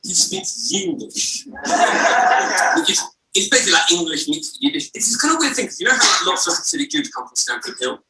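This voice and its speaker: Roomy, distant voice of a joking man. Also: sits high. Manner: quick deadpan jokes, mimics voices in anecdotes. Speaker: comedian. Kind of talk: comic double act on stage. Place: live event before a laughing audience.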